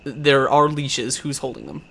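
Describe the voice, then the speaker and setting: A man's voice: mid-range voice, steady tone, measured pace, gravelly, a bit bright. A man narrating a tabletop game as game master, rambling with many restarts.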